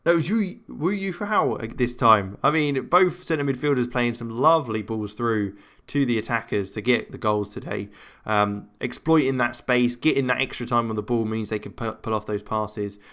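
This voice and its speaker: A man's voice: medium pitch, normal speed, few pauses, fairly bright tone. Chatty man commentating his own game. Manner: chatty, rambling match commentary with self-talk and frequent fillers. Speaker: gaming channel host. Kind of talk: let's-play gameplay commentary.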